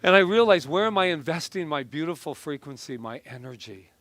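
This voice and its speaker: Chatty male minister, slightly high voice. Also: expressive, brisk, a bit bright, no room sound. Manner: chatty, self-deprecating storytelling with frequent restarts. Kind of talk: conversational sermon.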